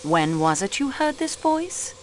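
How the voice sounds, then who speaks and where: A woman's voice: medium pitch, a little slow, a little hiss or hum. An actress with a French accent playing a composed, polite female investigator in a game. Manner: calm, polite, formal questioning. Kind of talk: video game voice acting.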